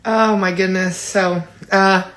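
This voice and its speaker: A woman's voice: medium pitch, fairly even intonation, slow pace, a bit bright. A woman in her forties, tired, telling a rambling, candid story in a casual personal vlog from home, full of fillers. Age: 40s. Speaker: vlogger.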